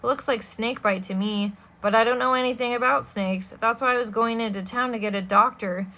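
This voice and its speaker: A woman plays a scheming man in disguise who speaks in a high, fluttery voice. He sounds oily and falsely polite, and his bright tone rises whenever he feigns sorrow. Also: steady tone, a little fast. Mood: sly. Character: scheming male villain faking grief.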